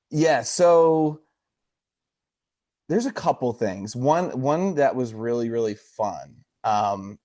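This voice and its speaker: A man's voice: fairly low pitch, darkish tone, no echo, studio quality. A man in his thirties co-hosting a podcast, telling rambling anecdotes in an easygoing way. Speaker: podcast co-host. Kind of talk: casual chat.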